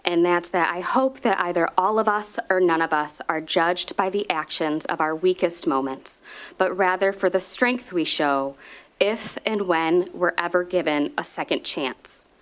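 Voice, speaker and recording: A woman's voice: on the low side, a little slow. Earnest woman telling a personal story. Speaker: parent speaking at public comment. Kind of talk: personal testimony at a public meeting. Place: school board meeting room.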